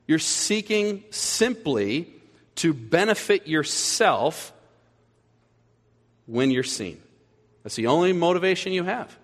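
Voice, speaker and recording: Animated male preacher in a reverberant hall. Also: on the high side, slow, pauses often. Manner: animated, acts out little scenes in other voices. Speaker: pastor. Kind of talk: sermon. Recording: echoey hall with long reverb.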